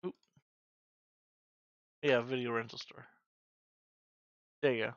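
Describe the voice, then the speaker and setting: A man's voice: mid-range voice, steady tone, takes it slowly, dry recording, lo-fi sound. A man in his forties hosting a trivia night in casual chat, joking, swearing freely and making sound-effect noises. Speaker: trivia host.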